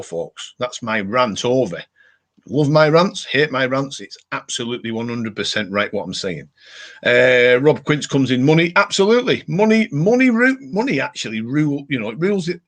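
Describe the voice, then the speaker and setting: A middle-aged man hosting a casual home live stream, ranting and reading out viewer comments. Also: mid-range voice. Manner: ranting, animated, reads viewer comments aloud.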